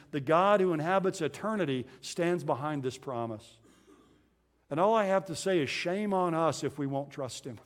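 A man preaching a sermon as a pastor, earnest, slowing down to stress the verses he quotes. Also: fairly high pitch.

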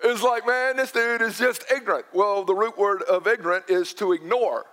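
A man with a high-pitched voice delivers a sermon in a church sanctuary. He moves between storytelling and emphatic repetition of his key points. His words carry a long reverb from the large hall. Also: steady tone, normal speed, fairly bright tone. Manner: storytelling, emphatic with repeated phrases. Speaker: pastor.

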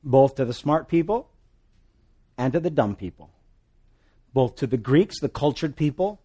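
A man from Hawaii with a Hawaiian accent, preaching a sermon with jokes and swings between loud and soft. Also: unhurried, husky. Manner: animated, joking asides, pitch and volume swing widely. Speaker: pastor.

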